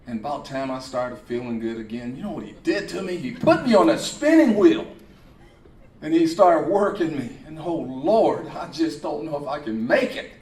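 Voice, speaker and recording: A man voicing a talking teapot that sounds like an older mother, telling its story slowly and quietly in an echoey hall. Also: fairly high pitch, expressive, natural voice. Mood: pained. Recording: echoey hall, speaker far from mic.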